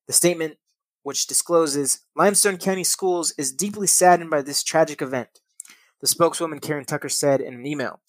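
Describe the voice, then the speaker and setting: A young man reads news articles aloud on his podcast, breaking off to comment with casual swearing and laugh at his own stumbles. His voice sits a little high for a man, recorded close and dry with no room sound. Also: brisk, no room sound. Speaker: podcast host.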